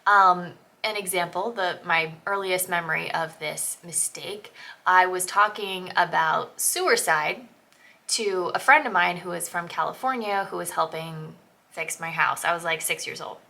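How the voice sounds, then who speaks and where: A woman in her thirties from New England talks through her book picks in a chatty, earnest way. Her voice is bright and forward with a gravelly edge. She laughs at herself as she goes. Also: on the low side, a little slow. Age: 30s. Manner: chatty, earnest, self-deprecating. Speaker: book vlogger. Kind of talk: casual book recommendations.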